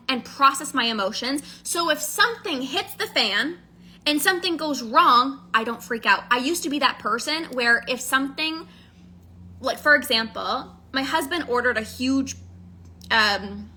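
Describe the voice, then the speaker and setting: A woman's voice: high voice, bright, forceful tone, husky. A woman coaching in a casual, candid monologue, earnest and emphatic, often repeating phrases for stress. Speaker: emotional eating coach.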